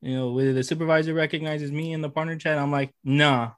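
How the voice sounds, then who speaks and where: A man's voice: fairly high pitch, little pitch movement, fast talker, smooth, no echo. Man, podcast co-host, emphatic and heartfelt, repeats himself for emphasis, dry close sound. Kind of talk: casual interview chat.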